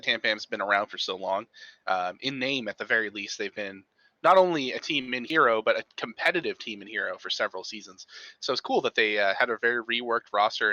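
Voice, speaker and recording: A man co-hosting an esports awards show, bragging playfully and trailing off softly at the ends of his lines. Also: medium pitch, dry recording, lo-fi sound. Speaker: awards co-host. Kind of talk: casual panel chat.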